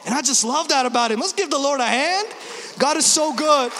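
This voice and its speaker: A man in his thirties preaches an Easter sermon, his voice sitting very high for a man. He drives points home with emphasis, then slips into quick humorous asides. Long reverb trails behind him in a large church hall. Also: lively intonation, sharp tone, slight background noise. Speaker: pastor.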